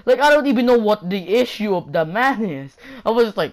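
A woman's voice: medium pitch, sing-song, normal speed. A woman ranting in a casual vlog, rambling and exasperated, packed with fillers and repetition. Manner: exasperated, mocking. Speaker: YouTuber.

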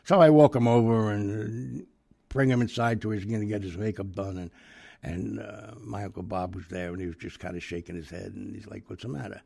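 An older man casually telling an anecdote in a rambling way, acting out the dialogue with lively voices. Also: on the low side, brisk, gravelly, slightly rough, dry recording. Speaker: storyteller.

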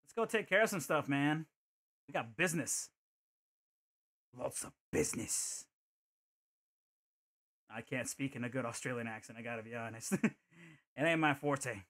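A man's voice: medium pitch, animated, brisk, a bit bright. A man streaming a video game, chatting casually and thinking aloud, with playful joking asides. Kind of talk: casual gameplay commentary.

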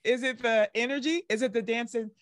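A woman's voice: a little high, fairly even intonation, fairly quick, dry recording. Upbeat woman podcast host, dry sound. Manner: upbeat and chatty, reads some prepared lines. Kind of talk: casual interview chat.

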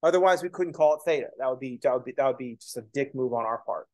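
A man's voice: medium pitch, fast, darkish tone. A man teaching a math lesson in a casual lecture style, explaining as he writes and slipping in joking, self-deprecating asides. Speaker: math instructor.

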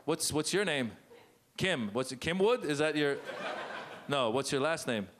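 A man's voice: on the high side, unhurried, slight background noise. Iranian-born man doing stand-up. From Iran. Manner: animated, jumps into loud put-on voices and mock accents. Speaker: stand-up comedian. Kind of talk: stand-up set with crowd work. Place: comedy club stage.

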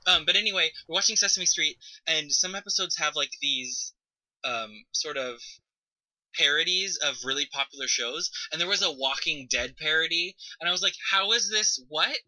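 A woman co-hosting a podcast in casual chat, adding animated asides. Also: low voice, normal speed, dry recording, low-quality recording. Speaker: podcast co-host.

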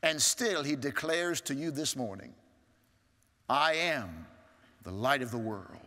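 A male pastor preaching a sermon, swinging from strong rising appeals to hushed, low asides. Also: expressive, slow. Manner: preaching with sweeping rises and hushed drops. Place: large church sanctuary. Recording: church hall reverb.

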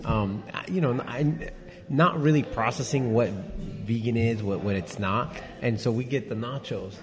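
A man co-hosting a podcast who tells funny stories in an animated, laughing way. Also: medium pitch, unhurried. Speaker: podcast co-host. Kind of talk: casual storytelling. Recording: busy crowd in the background.

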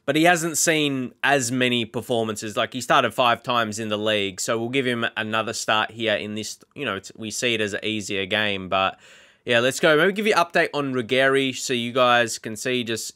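A young man chatting casually while he plays a football management game, rambling with many fillers and getting excited at big moments. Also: mid-range voice, fairly quick. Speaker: gaming YouTuber. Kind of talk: casual Let's Play commentary.

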